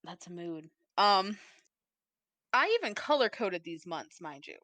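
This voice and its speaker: A woman's voice: mid-range voice, sing-song, a little slow, fairly bright tone, no echo. A woman co-hosting a podcast in casual chat, playful and rambling, swearing freely. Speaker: podcast co-host. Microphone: desk mic, typing nearby.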